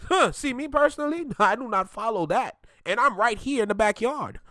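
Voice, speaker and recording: A man hosting a reaction video, talking in a casual, animated, joking way, with mock outrage and slow drawn-out words for emphasis. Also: very high voice, no room sound, studio quality.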